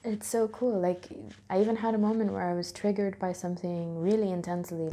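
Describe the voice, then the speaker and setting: A woman's voice: fairly low pitch, dark tone. A young adult woman talking casually to camera in a vlog, candid and rambling, correcting herself and laughing often. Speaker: vlogger. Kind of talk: casual reflective talk to camera.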